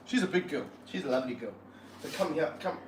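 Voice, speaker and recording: Excitable man in an echoey room. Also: a little high, quick pace, background noise. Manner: excitable, jokey, slangy. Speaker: reptile park owner and streamer. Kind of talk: casual livestream chat. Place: indoor reptile room.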